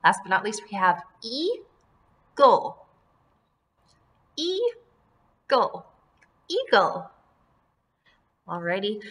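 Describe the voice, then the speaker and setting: Bright, lively teacher drawing words out. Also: female voice, on the high side. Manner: slow, drawn-out word modeling, sing-song repetitions; encouraging, addresses children as friends and folks. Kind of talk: remote phonics lesson for young children.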